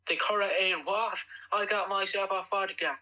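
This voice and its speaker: A man's voice: high voice, fairly even intonation, moderate pace, pushed and bright, low-quality recording. A man doing an impression of a famous wrestler as an Irishman. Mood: rowdy boasting. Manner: repetitive call-and-response chant. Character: famous gruff male wrestler reimagined as an Irishman on a pub crawl.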